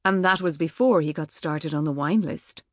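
A woman's voice: low-pitched, normal speed, dry recording, clean studio sound. Woman narrating an audiobook. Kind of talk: scripted narration. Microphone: studio microphone.

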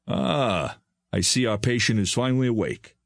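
A man voicing a kindly, soft-spoken older male doctor, his voice low and gentle. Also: expressive, normal speed, creaky, dry recording, studio quality. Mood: calm, reassuring.

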